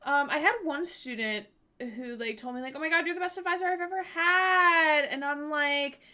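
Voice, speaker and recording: A woman's voice: high-pitched, moderate pace, pushed and bright. A young woman streaming a game live, chatting casually with lots of filler words and breaking into giggles and squeals. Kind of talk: casual live-stream chat while gaming.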